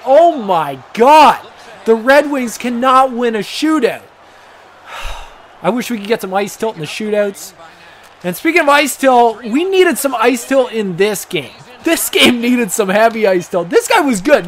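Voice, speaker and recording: A young man giving rambling, joking commentary over his own hockey video game match, cursing and getting excited. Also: very high-pitched, slight background noise. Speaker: gaming commentator. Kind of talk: casual gameplay commentary.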